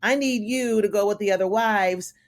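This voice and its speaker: A woman's voice: medium pitch, moderate pace, lightly acted. A woman voicing a middle-aged male commander in a casual paraphrase, coaxing and self-assured.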